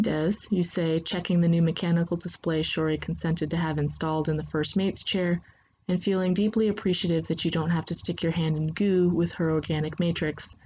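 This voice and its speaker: A woman narrating a second-person story in a steady, unhurried reading voice. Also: fairly low pitch, slight background noise, rough recording.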